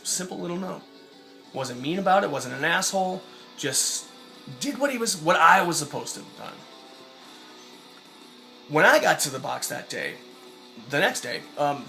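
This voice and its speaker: Gravelly man, slightly high voice, casual swearing storyteller, faint guitar behind. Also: a little slow, pauses often. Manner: profane, animated storytelling. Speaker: vlogger and mail carrier.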